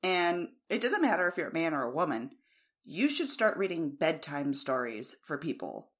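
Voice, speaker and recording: A woman's voice: sits low, very animated, moderate pace. An American woman co-hosting a podcast in casual chat, speaking frankly and with plenty of opinion. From United States. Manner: frank, opinionated, laughs easily. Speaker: podcast co-host.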